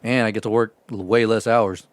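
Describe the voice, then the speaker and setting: Guy on a podcast telling a story, swears a lot, gets loud doing the quotes, dry close sound. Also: lowish voice, brisk, no room sound. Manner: profane, animated, acts out shouted quotes. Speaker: podcast co-host. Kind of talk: casual storytelling chat.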